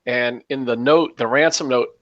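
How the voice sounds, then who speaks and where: A man's voice: mid-range voice, normal speed, fairly bright tone, lo-fi sound. A man hosting a podcast in casual chat, telling a story in a laid-back way and chuckling. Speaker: podcast host.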